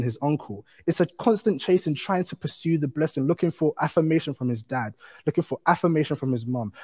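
A male pastor preaching a sermon in a measured, emphatic style that builds through repetition. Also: on the high side, darkish tone. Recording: long hall reverb.

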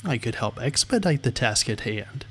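A man's voice: medium pitch, animated, moderate pace, a bit bright, husky. A man voicing a scrawny, sarcastic male magician who taunts in a snide, sing-song way. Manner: mocking, sing-song, smirking.

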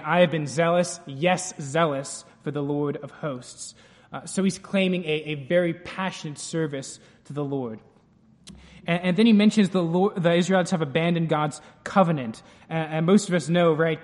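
A man's voice: fairly high pitch, long reverb tail. A man preaching an expository sermon, explaining the text earnestly and restarting phrases as he goes.

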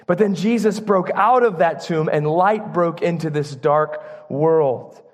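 A man preaching a sermon in church, earnest and emphatic, using dramatic pauses. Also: on the high side. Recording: long church reverb.

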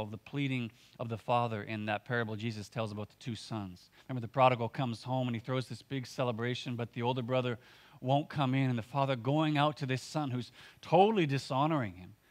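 A man's voice: mid-range voice, brisk. A man preaching a sermon as pastor, earnest and conversational, often using filler words and restarting his sentences.

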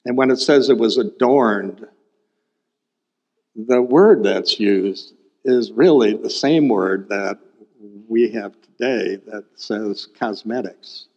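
A man's voice: lowish voice, takes it slowly, a little mellow. A male pastor preaching a sermon, explaining a Bible passage and repeating key points for emphasis. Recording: dull recording with long hall reverb.

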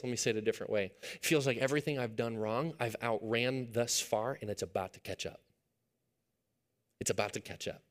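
A man in his thirties preaching a sermon as a pastor, telling a family story and swinging from hushed, intimate lines to loud, excited retelling. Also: medium pitch.

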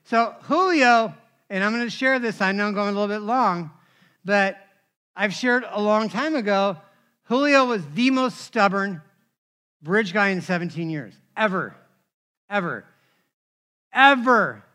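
A man preaching a sermon, telling personal stories in an animated, conversational way and asking the crowd for responses. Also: sits high, a little slow. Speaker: pastor.

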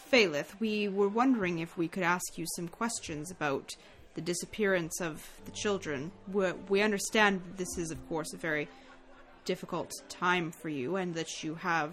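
A woman's voice: fairly low pitch, fairly bright tone, pitched below the performer's own voice. A polite, formal paladin, as a woman puts it on. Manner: polite, measured formal speech.

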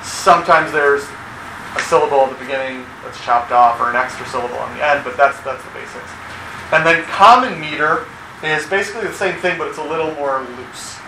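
A man teaches a class in a large, echoey room, and his voice sits a little higher than most. He explains in a relaxed way, filling his pauses with "um" and "uh", and a steady hum of background noise runs under him. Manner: relaxed, explanatory, many fillers. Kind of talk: classroom lecture.

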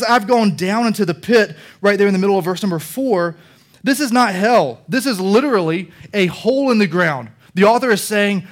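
High-voiced preacher with a lilt. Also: male voice. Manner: animated preaching, voice rising and swelling in passion. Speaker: pastor. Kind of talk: sermon.

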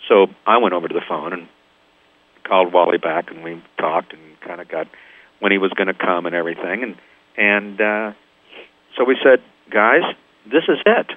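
Through a tinny phone line, an older Kansas man who founded a band recounts his story for an interview in a low-sitting voice. He speaks at a moderate pace, pausing often, and livens the tale by acting out the voices of those he quotes.

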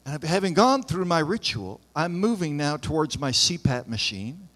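A man, a pastor, reading scripture aloud and breaking off for relaxed, conversational asides in his sermon. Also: a little high. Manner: conversational, pauses for informal asides. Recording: long hall reverb.

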